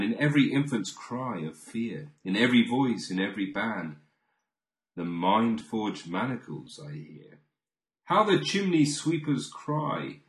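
A man reading classic poems aloud in a slow, dramatic recitation, swelling on key lines and falling to near-whispers. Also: on the low side, roomy sound. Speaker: poetry reader.

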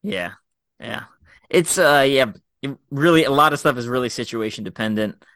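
In a relaxed podcast chat, this middle-aged guest co-host, once a Special Forces officer, spins lively military tales full of restarts and filler words. His pitch is medium, his speed normal, and the audio has no echo.

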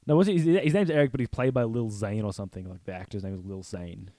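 A man's voice: lowish voice, fast talker, mellow, no room sound. Rambling podcast guy, dry close sound. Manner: rambling, recounts scenes with voiced quotes, swears. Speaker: podcast co-host. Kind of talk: casual chat.

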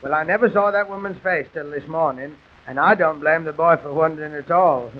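A man playing a weary, rambling police constable, telling deadpan comic stories on a dull old gramophone recording. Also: a little high, brisk, lightly acted. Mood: chatty. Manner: chatty, rambling, self-pitying with deadpan gags. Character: weary, grumbling male police constable on the beat. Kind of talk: music-hall comic monologue and patter.

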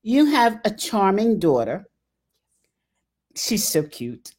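A woman's voice: medium pitch, sing-song, slow, a little mellow. A woman hosting an interview, enthusiastic and encouraging toward her guest. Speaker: host. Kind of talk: conversational interview.

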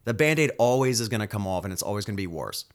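A man's voice: fairly low pitch, expressive. A man who is a nurse hosting his own solo podcast, venting angrily and swearing freely as he rants about his workplace. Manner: angry, profane, rapid-fire venting.

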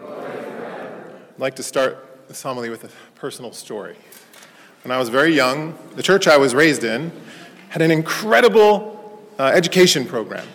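Heard in a large hall, this parish priest's voice leans high as he preaches in church. His sermon is conversational and built on stories, with real animation in the anecdotes.

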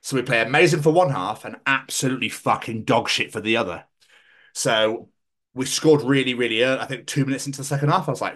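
Male podcast host; casual, profane, lively anecdotes. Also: mid-range voice, brisk. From Scotland. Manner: sweary, animated storytelling.

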